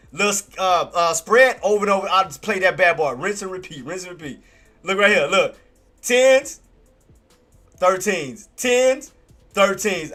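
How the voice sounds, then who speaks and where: A man giving live trading commentary on his stream. He talks excitably, repeats himself often, and swears. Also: high voice. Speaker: day-trading livestreamer.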